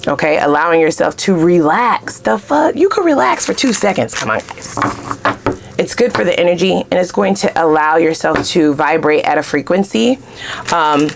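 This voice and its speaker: A woman with a fairly low voice gives a tarot reading as if chatting with a friend. She is blunt and swears freely, keeps checking in with "you know what I'm saying", and suddenly leaps up into loud, high exclamations. A faint hiss sits under her voice. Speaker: tarot card reader. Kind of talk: casual tarot reading chat.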